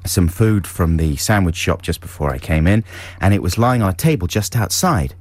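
A man's voice: deep voice, animated, normal speed. A man co-hosting a jokey radio show, telling rambling anecdotes and laughing along. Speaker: radio co-host. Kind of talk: jokey breakfast radio banter. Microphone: studio microphone.

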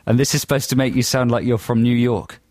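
A man co-hosting a radio show, chatting in quick, animated banter and laughing often. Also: mid-range voice, dry recording, clean studio sound. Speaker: radio co-host.

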